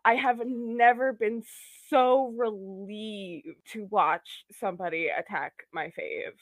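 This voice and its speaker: Woman, young, podcast co-host, emphatic casual talk, medium pitch, dry close mic. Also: steady tone, slow, no echo. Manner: emphatic, lots of "like" fillers. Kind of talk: casual chat.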